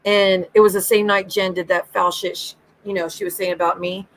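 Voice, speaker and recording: A woman's voice: mid-range voice, flat delivery, brisk, low-quality recording. Woman hosting a livestream, chatty storyteller who mimics others and laughs a lot. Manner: gossipy storytelling, acts out quoted lines, swears freely; giggly, breaks into laughter. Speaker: livestream host. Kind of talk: casual chat.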